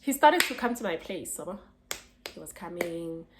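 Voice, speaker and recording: A woman's voice: on the low side, animated, normal speed, background noise. A young South African woman telling a personal story to camera in a chatty, slangy way, laughing as she goes. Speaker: vlogger. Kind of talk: casual storytime.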